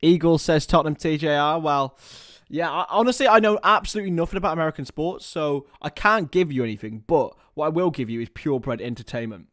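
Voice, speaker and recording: A man's voice: on the high side, a little fast, few pauses, fairly bright tone, no room sound, clean studio sound. A young man hosting a casual live stream, rambling, joking about himself and reading out viewer comments. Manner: chatty, rambling, self-mocking, reads chat aloud. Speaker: livestream host. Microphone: webcam or computer mic.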